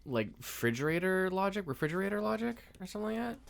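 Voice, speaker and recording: A man co-hosting a podcast in casual chat, easygoing and quick to laugh and chime in. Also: high-pitched, sing-song, creaky. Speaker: podcast co-host.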